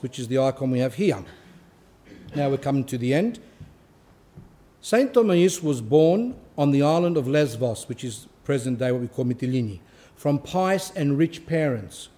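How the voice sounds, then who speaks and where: Earnest priest with a mellow, higher voice. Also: male voice. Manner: earnest, pausing to stress points. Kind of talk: sermon.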